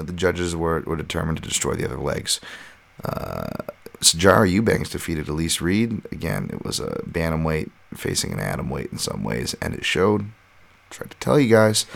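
A man's voice: low voice, creaky. A man in his thirties hosting a solo podcast, talking casually in a profane, rambling, ranting way. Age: 30s. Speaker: podcast host and fight analyst.

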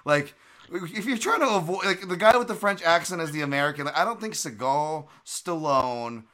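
Bright-voiced male podcast host. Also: on the high side, moderate pace. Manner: animated, rambling with restarts. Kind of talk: casual chat.

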